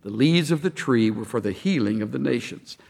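A man delivers a sermon at a middle pitch, his words carrying a long reverb through a large hall. He preaches in a measured way, lifting his voice for emphasis and slowing down on key phrases. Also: expressive, vocal fry, a little mellow. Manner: measured preaching with rising emphasis and slow pauses. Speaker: pastor.

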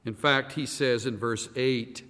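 A man preaching a sermon as a pastor, animated and firing rhetorical questions at the congregation. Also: mid-range voice, a little slow. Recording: reverberant hall.

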